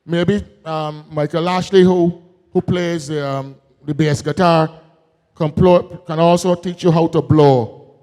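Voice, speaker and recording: A man with a Barbadian accent giving a political rally speech, folksy and joking, then building to shouted emphasis. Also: a little high, fairly even intonation, slow. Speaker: political speaker. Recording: long hall reverb.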